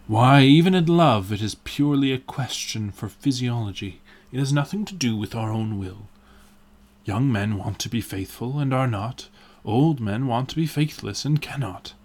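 A man reading the part of a languid, witty aristocratic gentleman in an audiobook, in a dreamy, drawling, ironic way. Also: mid-range voice, moderate pace, lightly acted.

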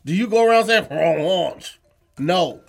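Animated joking man on a word game. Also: sits high, creaky, faint music behind. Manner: joking, animated, sounds words out slowly. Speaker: game show contestant and host. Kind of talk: casual banter on a word game.

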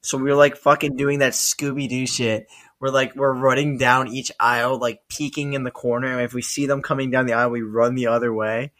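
A young man co-hosting a podcast tells stories in casual chat, swearing often and laughing mid-story as an animated storyteller. His voice is medium-pitched and a little fast.

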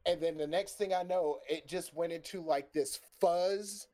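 Man with a higher voice spinning a profane yarn. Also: a little slow. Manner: animated, profane, acts out quoted dialogue. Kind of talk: casual storytelling on a stream.

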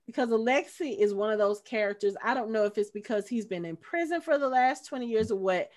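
A woman's voice: a little high, a little fast, darkish tone. A woman co-hosting a casual podcast, chatting about a film and acting out quotes from its characters. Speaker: podcast co-host. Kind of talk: casual movie discussion.

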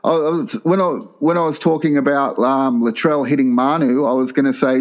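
A man's voice: medium pitch, steady tone, fairly quick. A man telling rambling stories in casual sports banter, swearing freely.

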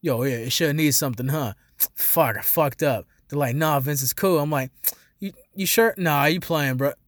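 A young man chatting casually in a rambling, profane, excitable way, laughing often as he tells stories. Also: fairly high pitch, moderate pace, no echo, clean studio sound. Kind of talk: casual chat.

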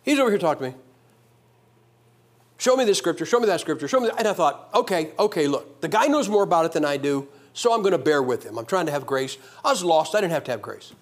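Animated man preaching a revival testimony. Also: on the high side, fast talker. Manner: animated storytelling, swings from loud to hushed.

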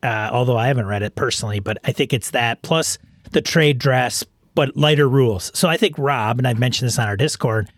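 A man hosting a podcast, talking in a relaxed, rambling way about tabletop games. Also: mid-range voice, brisk, no echo, clean studio sound. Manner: rambling, relaxed, restarts often. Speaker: podcast host. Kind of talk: casual chat.

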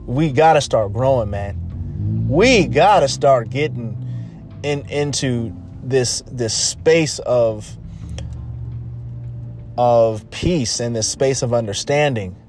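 A man's voice: medium pitch, takes it slowly, gravelly, long pauses, a little mellow, faint music behind. A man hosting a podcast, talking casually and emphatically, repeating phrases and restarting sentences. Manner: repetitive, emphatic, rambling with restarts. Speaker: podcast host. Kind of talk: casual motivational monologue.

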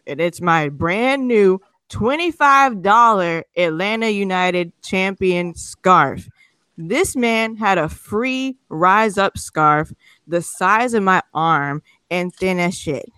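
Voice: medium pitch, animated, slow pace, sharp tone, clear, resonant tone, no echo. A podcast host delivering an exasperated, profane comedic rant with sarcastic asides. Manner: sarcastic, mocks people's excuses.

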